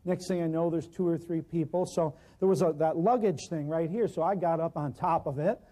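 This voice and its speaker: An American man, an herbal practitioner, telling humorous stories to a live audience and clearing his throat often. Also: a little high, brisk, warm tone. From United States.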